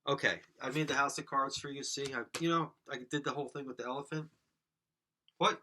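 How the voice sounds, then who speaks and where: A solo podcast host with a mid-range, steady voice talks a little fast, sounding pushed and bright over slight background noise. He rambles absurdly in a comedic monologue, mocking himself and chatting to an imagined crowd.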